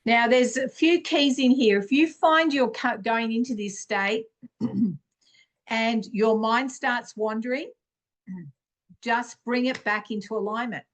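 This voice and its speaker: Slow, higher-voiced woman teaching. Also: steady tone. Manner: unhurried and conversational, clears her throat often. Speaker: podcast host and spiritual teacher. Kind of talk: informal spiritual teaching.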